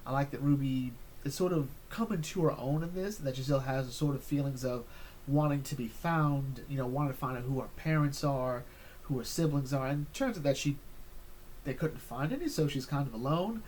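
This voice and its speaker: A man's voice: mid-range voice, fairly quick, a little mellow, a little hiss or hum. A man chatting casually as he reviews an episode, rambling with many fillers and restarts.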